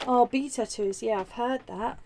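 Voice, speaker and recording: A woman's voice: a little high, moderate pace, mellow, slight background noise. A woman hosting a live craft demo, chatting in a rambling way with many ums and restarts, reading out viewer comments as she works. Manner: reads viewer comments aloud while working.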